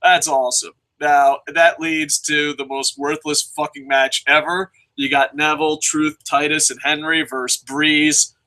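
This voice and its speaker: A young man hosting a show, talking in a casual, sarcastic and excitable way with lots of swearing. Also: on the high side, unhurried, hardly any pauses, poor audio. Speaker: show host reviewing. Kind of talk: casual profane commentary.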